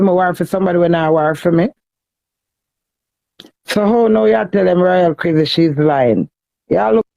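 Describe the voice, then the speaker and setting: A woman's voice: lowish voice, creaky, mellow, dry recording, poor audio. A woman with a Jamaican Patois accent, venting in an emotional social media rant, pleading and repetitive as she swings between cussing and begging.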